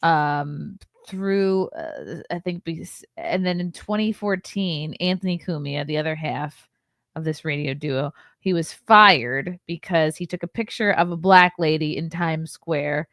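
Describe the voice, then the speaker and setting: A woman's voice: deep voice, expressive, measured pace, a bit bright, no echo, clean studio sound. A woman hosting a podcast, chatting casually and mocking the man in a video she is reacting to. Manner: blunt, mocking. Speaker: podcast host.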